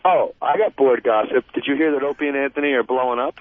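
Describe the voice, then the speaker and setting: A man's voice: medium pitch, fast talker, no echo. Rambling man on a tinny phone line. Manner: rambling, animated storyteller. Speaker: phone-in guest. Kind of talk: casual storytelling on a call-in.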